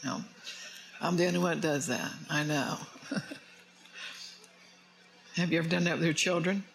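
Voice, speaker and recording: A man's voice: on the high side, moderate pace, gravelly, fairly bright tone, a little hiss or hum, poor audio. A man preaching a conversational sermon as pastor, joking and asking his congregation questions. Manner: chatty, jokes and asks the congregation questions. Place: church before a congregation.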